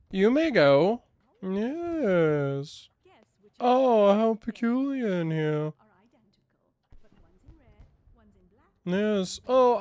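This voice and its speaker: A man putting on a high haughty posh gent. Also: a little mellow, clear, resonant tone, dry recording, exaggerated voice. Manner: haughty, drawn-out, fussy. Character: pompous posh aristocratic gentleman. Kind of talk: comedic put-on voice over gameplay.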